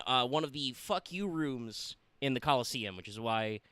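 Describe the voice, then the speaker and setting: A man's voice: mid-range voice, normal speed, hardly any pauses, bright, forceful tone, smooth, no echo. A young man streaming a video game, chatting casually with his viewers and swearing now and then. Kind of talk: casual livestream gaming chat.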